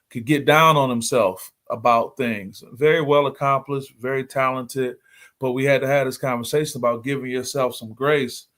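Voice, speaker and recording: A man's voice: medium pitch, a bit bright. A middle-aged man hosting a motivational livestream, speaking earnestly and repeating key points for emphasis. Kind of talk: motivational talk.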